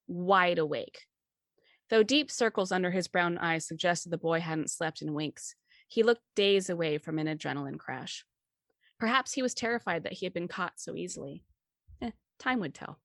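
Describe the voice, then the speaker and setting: Low-voiced woman reading a story. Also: a bit bright, no echo, clean studio sound. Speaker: story reader. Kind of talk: scripted narration.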